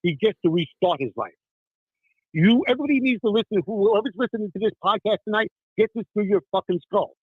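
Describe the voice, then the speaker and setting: A man's voice: high-pitched, fairly quick, husky, no room sound. A middle-aged man calling in, upset and impassioned, who keeps repeating "listen" and "okay". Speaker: caller. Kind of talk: emotional call-in talk. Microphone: phone. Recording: tinny phone line.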